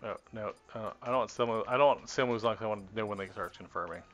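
A man's voice: on the low side, fast, a bit bright. A man casually thinking aloud while practicing combos on a live stream, often trailing off and correcting himself. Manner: rambling, self-correcting, talks to himself while testing. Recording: dull lo-fi stream audio with faint game music. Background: faint game music.

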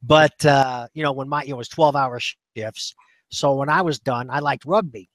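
A man's voice: medium pitch, moderate pace, no echo. A man telling easygoing anecdotes in casual chat as a podcast guest.

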